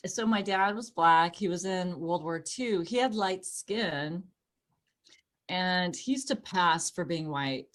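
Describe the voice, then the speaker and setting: A middle-aged woman from Los Angeles performing a stand-up comedy set, chatty and animated, often jumping into high squealing voices to quote people.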